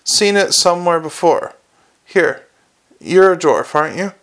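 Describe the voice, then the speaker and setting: A man's voice: high voice, expressive, a little slow, fairly bright tone, exaggerated voice. A man reading a weary, dry alchemist. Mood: polite. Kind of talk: audiobook character reading.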